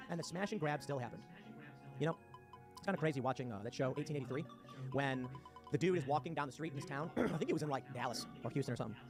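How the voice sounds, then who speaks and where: A man giving sarcastic, combative commentary on a livestream, reading posts aloud and ranting. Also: a little high. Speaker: political commentator. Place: home in West Virginia. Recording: music playing underneath. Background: music.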